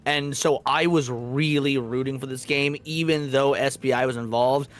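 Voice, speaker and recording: A man who is a guest on a podcast, talking in casual chat, animated and profane, rambling with restarts. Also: mid-range voice, moderate pace.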